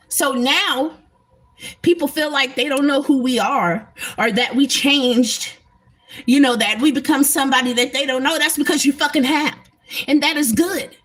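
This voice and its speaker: Her voice is high and a bit bright as she swears liberally through an informal spiritual livestream. She speaks with blunt emphasis, directly to those watching.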